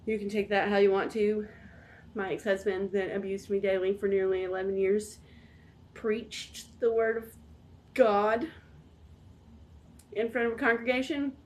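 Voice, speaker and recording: A woman's voice: mid-range voice, steady tone, measured pace, long pauses, darkish tone. A woman in her thirties talking casually to camera as a vlog host, candid and rambling. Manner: rambling, candid and self-deprecating. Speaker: channel host.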